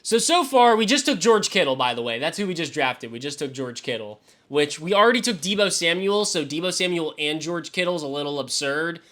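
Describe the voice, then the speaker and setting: A young male fantasy football streamer, his voice bright and fairly high, chats loosely with his live audience. He's animated and brisk with few pauses, swearing freely while keeping his commentary easygoing.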